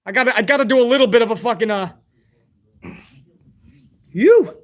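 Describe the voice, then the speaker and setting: A hoarse man hosting a live stream, chatting casually and profanely while reading out fan messages. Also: extremely high pitch, normal speed. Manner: profane, excitable, chummy.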